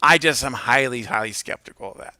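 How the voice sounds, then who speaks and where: A man's voice: mid-range voice, a little fast, pushed and bright, no room sound. A man co-hosting a casual livestream chat, joking playfully and laughing often. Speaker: livestream co-host.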